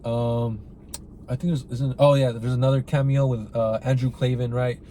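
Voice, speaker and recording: A man's voice: mid-range voice, little pitch movement, moderate pace, dark tone, a little hiss or hum. A man hosting a podcast, giving a casual, rambling film review full of swearing and "like" and "right?". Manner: rambling and profane, heavy use of "like" and "right?".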